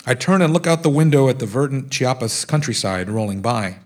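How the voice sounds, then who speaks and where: A man reading aloud from his own memoir, acting out the dialogue in lively voices. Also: mid-range voice, a little fast. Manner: acts out quoted speech with lively voices. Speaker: author reading from his book. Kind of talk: live reading of a nonfiction memoir.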